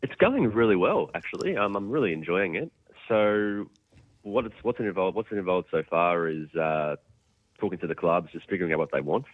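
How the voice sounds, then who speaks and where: Young Australian guest on a phone line, relaxed and quick-talking, low and dry. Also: male voice, dry recording. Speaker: women's competition organiser. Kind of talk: casual phone interview.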